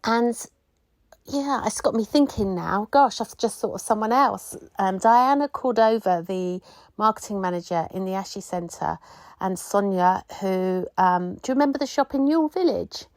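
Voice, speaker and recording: Middle-aged woman hosting her own podcast, reminiscing with loose asides, mid-pitched voice, dry recording. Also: moderate pace, no room sound. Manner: rambling, reminiscing storyteller with many asides. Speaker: podcast host. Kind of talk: casual solo podcast monologue.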